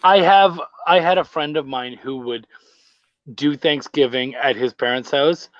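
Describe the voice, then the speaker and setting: A man's voice: mid-range voice, measured pace, a bit bright, no echo. Male podcast host with dull lo-fi sound. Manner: chatty, swears freely, tells stories. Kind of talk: casual chat.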